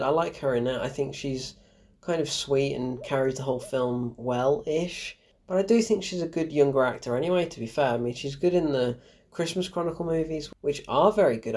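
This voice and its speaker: A young adult film reviewer rambling through an opinion in an offhand, chatty way. The talk wanders through sarcastic asides, fillers and restarts. The voice sits at an everyday middle pitch. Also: a little mellow. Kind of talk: casual spoken film review.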